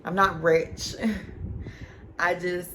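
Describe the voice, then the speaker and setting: A young woman vlogger chatting casually as she tells a personal story, animated and talking straight to her viewers. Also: fairly low pitch, drawn-out words, a little hiss or hum. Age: young adult. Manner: chatty, animated, addresses viewers as y'all and girl.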